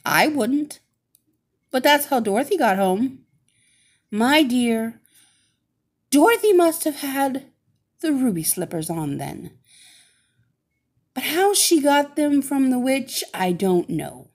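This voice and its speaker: A kindly, matter-of-fact good witch from a storybook, voiced by a woman, who explains things at an unhurried pace. Her voice moves lively up and down. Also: sits high, voice pushed up, exaggerated voice. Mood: calm.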